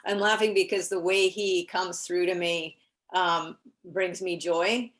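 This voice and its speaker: A woman's voice: lowish voice, fairly even intonation, measured pace, fairly bright tone. A woman doing an animal communication reading at an online event, chatty and often chuckling as she talks. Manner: light laughter, chatty, frequent fillers.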